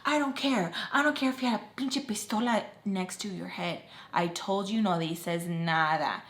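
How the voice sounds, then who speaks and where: A woman's voice: mid-range voice, moderate pace, a bit bright, echoey room, natural voice. A woman voicing her angry, suspicious employer, who scolds and demands answers and mixes in Spanish words. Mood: furious.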